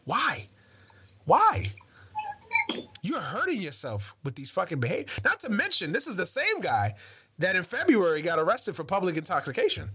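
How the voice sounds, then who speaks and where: A man's voice: high-pitched, huge pitch swings, a little fast, pushed and bright, slight background noise. A man co-hosting a casual sports talk show, delivering an incredulous, profane rant. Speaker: podcast co-host.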